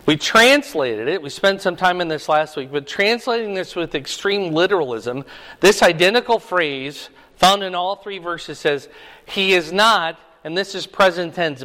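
A man's voice: on the high side, a bit bright. A pastor teaching a sermon from his notes, working through verses and adding asides to the congregation. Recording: long hall reverb.

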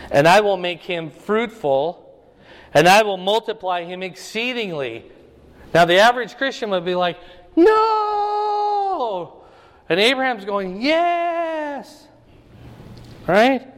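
A man with a fairly high voice delivers a sermon, teaching casually and often asking his audience whether they follow. His voice carries a long reverb, as if he is recorded in a large hall. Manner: conversational teaching, asks the audience "right?". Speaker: preacher.

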